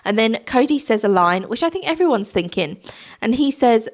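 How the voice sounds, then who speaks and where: A woman's voice: a little high, big pitch swings, normal speed. A young woman casually recapping a reality TV episode, chatty and exasperated, firing off rhetorical questions. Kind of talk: casual recap chat to camera.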